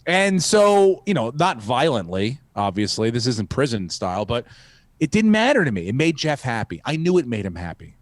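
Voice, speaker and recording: A man's voice: mid-range voice, very animated, moderate pace, no room sound. A man hosting a podcast who rambles through a profane story and acts out the quotes. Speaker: podcast host, comedian. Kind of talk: casual storytelling.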